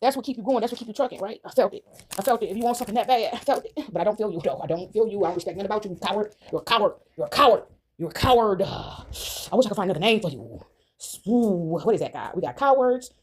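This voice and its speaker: Rapid-fire emphatic woman vlogger. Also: medium pitch, animated, warm tone, breathy edge. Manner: emphatic, repetitive, keeps asking "right?". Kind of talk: casual monologue to viewers.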